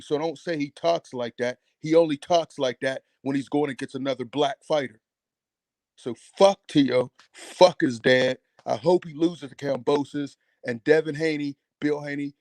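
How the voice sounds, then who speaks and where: A man's voice: medium pitch, darkish tone, dry recording. A man calling in to a talk show, ranting in a heated, emphatic and profane way. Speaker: caller. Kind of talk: call-in radio rant.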